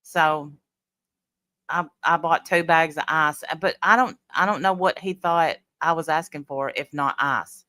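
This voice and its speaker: A woman hosts a casual chat and tells stories in a lively way. Her voice is bright and somewhat low for a woman, and the recording is dry and close. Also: a little slow, dry recording. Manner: storytelling, laughs easily. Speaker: host.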